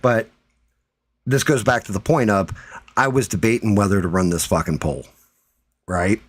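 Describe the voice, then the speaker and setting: Low-voiced man in a profane defiant rant. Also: moderate pace, husky. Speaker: livestream host. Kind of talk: ranting livestream talk.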